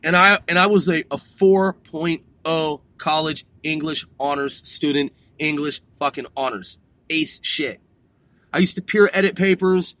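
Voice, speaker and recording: A man podcasting, ranting angrily with lots of swearing and sudden loud outbursts. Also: a little high, unhurried, no room sound. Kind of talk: profane rant.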